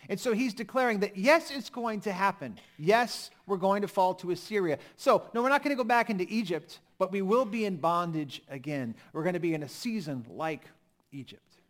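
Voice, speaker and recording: Male pastor, high voice, expressive preaching with hushed drops. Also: normal speed. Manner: expressive, swings from emphatic to hushed. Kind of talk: sermon.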